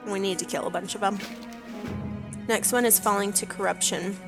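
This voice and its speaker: A woman's voice: mid-range voice, fairly even intonation, normal speed, pauses often. A woman giving casual, chatty commentary while playing a game and reading its quests aloud. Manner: chatty, self-deprecating. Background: game music.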